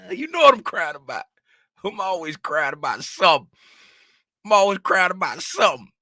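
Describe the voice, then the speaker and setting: Man, trading educator, casual stream commentary, rambling, repeats himself, slow pace, bright tone. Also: high voice, dry recording. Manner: animated, rambling, venting with repeated phrases.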